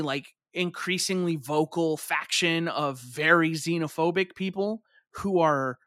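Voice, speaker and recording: A man's voice: on the high side, pushed and bright, no room sound, studio quality. A young man co-hosting a podcast in casual chat, rambling with lots of fillers and swearing freely.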